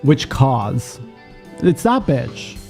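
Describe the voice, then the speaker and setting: A man streaming a video game, reacting with excitable, profane commentary that jumps high when surprised. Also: extremely slow, vocal fry, faint music behind.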